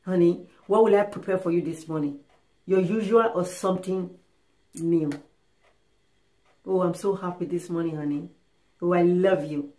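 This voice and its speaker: A woman performs a sweet-talking, contented wife whose voice drops lower and softer as she coos over her family. The delivery is affectionate and gentle. It is heard in a room with noticeable echo. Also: normal speed, natural voice. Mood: doting. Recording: roomy echo.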